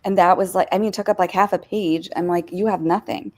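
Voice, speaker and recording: Blunt low-voiced woman guest. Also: steady tone, fast talker, darkish tone. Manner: dismissive, blunt. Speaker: panel guest. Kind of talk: casual panel chat.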